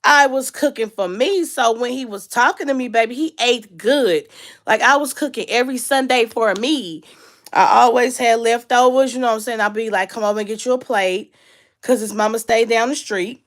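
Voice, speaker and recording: A woman's voice: a little high, normal speed. A young woman, sick and under the weather, chatting casually to her viewers and confiding, her voice rising and sinking with her feelings. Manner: chatty, confiding, lively rises and sinks with feeling. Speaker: vlogger. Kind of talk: casual storytime chat.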